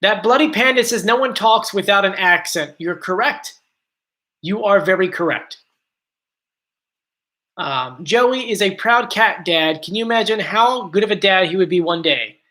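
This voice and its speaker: A man with a mixed South Jersey and Philadelphia accent hosts a casual live stream. His voice is bright and pushed forward, and he rambles cheerfully from one viewer comment to the next. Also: sits high, animated, measured pace.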